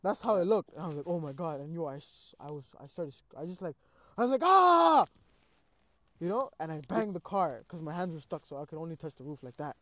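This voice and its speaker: A young man tells a personal story in casual conversation, his voice sitting high for a man. He talks with loose street slang, drops "bro" again and again, and acts out his own reactions as he goes. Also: quick pace.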